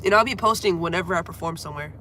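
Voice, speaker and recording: A woman's voice: fairly low pitch, very fast, sharp tone, slight background noise. A young woman livestreaming from home, chatting casually and apologizing as she coughs through a cold. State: has a cold, congested and coughing. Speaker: livestreamer and singer.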